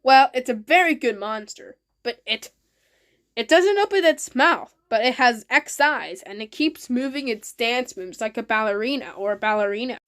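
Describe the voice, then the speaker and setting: High-voiced excited woman narrating. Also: moderate pace. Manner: excited, simple repetitive phrasing. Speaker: channel host. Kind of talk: casual narrated video.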